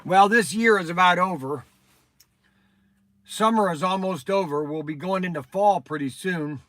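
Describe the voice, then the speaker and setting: Older male livestream host, high-pitched, rambling chat with viewers, dry close sound. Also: moderate pace, a bit bright, no echo. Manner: rambling, chatty, addresses viewers by name. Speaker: toy shop host answering viewers.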